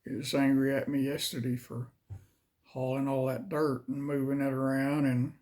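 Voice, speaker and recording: A man reading scripture slowly and measuredly, then chatting casually as host. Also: mid-range voice, little pitch movement, darkish tone. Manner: slow, measured delivery. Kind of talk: Bible reading and casual chat.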